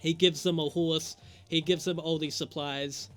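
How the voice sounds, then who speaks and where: A man's voice: a little high, fairly even intonation, measured pace, faint music behind. Profane, sarcastic young man reviewing a show. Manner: profane, sarcastic, rambling, laughs at own jokes. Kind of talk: casual review vlog.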